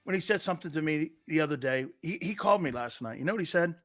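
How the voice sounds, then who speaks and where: Excitable high-voiced sports talk host. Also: male voice, quick pace. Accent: Philadelphia. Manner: loud and excitable, laughs and shouts often.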